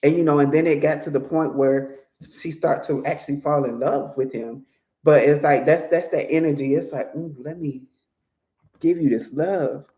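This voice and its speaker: Chatty and quick to laugh, this tarot reader gives a casual reading peppered with small acted-out voices. Expect a mid-range, steady, mellow voice. Roomy echo fills the recording.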